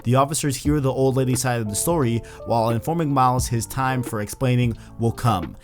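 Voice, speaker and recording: A man hosting a video who recaps a story in a casual, conversational way, speaking straight to his viewers. His voice sits in the middle of the range. Soft music plays quietly underneath. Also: medium pitch, brisk. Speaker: video host. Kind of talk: casual book recap commentary.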